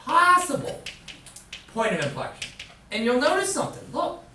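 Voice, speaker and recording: A man's voice: extremely high pitch, huge pitch swings, normal speed, bright, forceful tone, a little hiss or hum. A man teaching a math class in a classroom, quizzing students with fill-in questions. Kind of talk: classroom lecture. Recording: echoey room, far from the mic.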